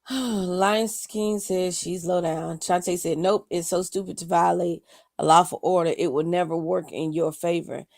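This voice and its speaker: A woman's voice: fairly low pitch, steady tone, measured pace, gravelly, darkish tone, no room sound. A woman co-hosting a live talk stream, reading viewer comments aloud and adding dry, sassy asides.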